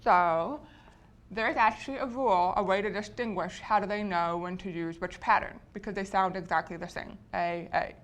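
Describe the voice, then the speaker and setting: A woman's voice: mid-range voice, normal speed. A woman explaining spelling patterns to teachers in a patient lesson, often checking in with the listeners. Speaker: teacher educator.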